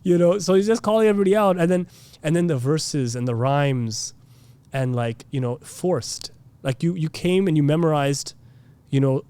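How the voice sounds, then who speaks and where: Mellow-voiced man teaching casually. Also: lively intonation, moderate pace, clear, resonant tone. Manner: chatty, heavy with fillers like "you know" and "like"; mimics preachers in a pitched-up voice. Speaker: Islamic teacher. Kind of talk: casual classroom lecture.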